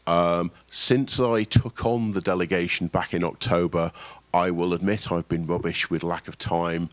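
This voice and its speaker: A man's voice: low-pitched, dry recording. A man, a cloud team delegate, talking casually and apologetically at a conference discussion, with restarts. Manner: self-deprecating, apologetic, rambling with restarts. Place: conference room session.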